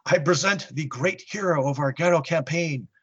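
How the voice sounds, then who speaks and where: A man voicing an older, hard-of-hearing German general who speaks gruffly and formally. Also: fairly high pitch, normal speed, muffled recording, voice pushed up.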